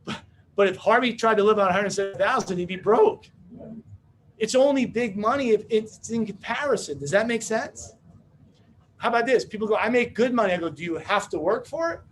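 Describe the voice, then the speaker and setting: High-voiced brash motivational speaker man. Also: lively intonation, slight background noise. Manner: brash, joking, rapid-fire storytelling. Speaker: business opportunity speaker. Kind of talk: motivational seminar talk.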